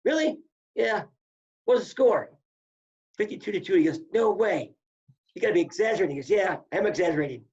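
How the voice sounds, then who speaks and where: A man's voice: high-pitched, a little fast, long pauses. A man, telling wrestling stories in casual chat and acting out the quotes. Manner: animated storyteller, acts out quotes. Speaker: podcast guest, former wrestler. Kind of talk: casual storytelling. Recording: dull lo-fi audio.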